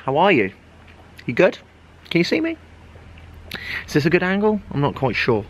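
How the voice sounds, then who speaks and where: A man's voice: a little high, huge pitch swings, normal speed. A man, a fitness vlogger, chatting casually and jokingly to his handheld phone camera, bantering with himself in a car park and supermarket. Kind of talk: casual vlog chat. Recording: noisy outdoor traffic ambience.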